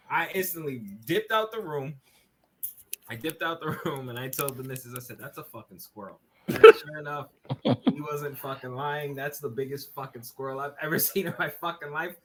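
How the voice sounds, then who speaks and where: A man with a New York accent, a podcast guest telling a story from his bedroom over a webcam, animated and swearing, laughing as he goes. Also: fairly high pitch, slight background noise. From Brooklyn, New York. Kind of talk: casual podcast chat, storytelling. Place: bedroom at home.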